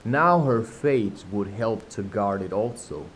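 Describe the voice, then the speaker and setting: A man's voice: lowish voice, lively intonation, slight background noise, rough recording. A man reading a classic children's novel aloud, breaking off now and then for chatty, self-mocking asides. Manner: unhurried, chatty asides, laughs at himself. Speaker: audiobook reader.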